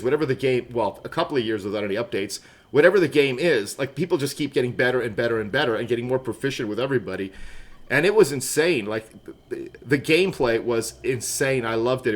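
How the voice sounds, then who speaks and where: Chatty, animated man streaming games. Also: mid-range voice. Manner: chatty, laughs often, greets chat by name. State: wired on coffee. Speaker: livestream gamer. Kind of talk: casual livestream chat.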